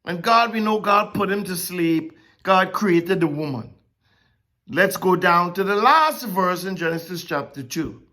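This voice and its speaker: Bible teacher, conversational sermon, unhurried delivery, checks in with listeners. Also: mid-range voice. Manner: animated, keeps checking in with "okay?" and "right?".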